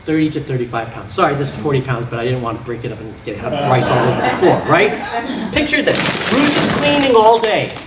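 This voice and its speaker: A man preaching a sermon in a church, animated and often laughing as he makes his points with props and playful sound effects. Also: a little high, brisk, reverberant, recorded from a distance, a loud crowd. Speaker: pastor. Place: church sanctuary.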